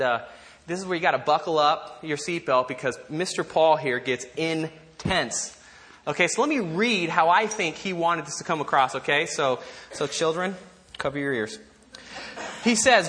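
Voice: medium pitch, lively intonation, normal speed, a bit bright. Pastor giving a sermon, chatty and jokey, talks right to the crowd, has folks repeat lines back. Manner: conversational, joking asides to the congregation; leads call-and-response repetition.

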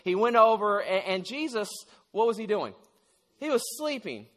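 A pastor giving a sermon, retelling a story in an animated way with frequent stammers and restarts. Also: male voice, sits high, normal speed, big-room sound.

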